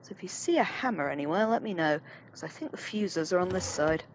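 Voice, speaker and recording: A woman's voice: fairly low pitch, expressive, a little fast, slight background noise, poor audio. A woman casually commenting while playing a horror game, chatty and self-deprecating, thinking aloud. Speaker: let's play host.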